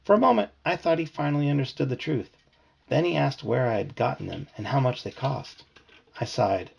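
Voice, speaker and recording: A man's voice: medium pitch, brisk, vocal fry, breathy edge, muffled recording. A man reading a children's book aloud to his family, telling it expressively. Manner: expressive storytelling.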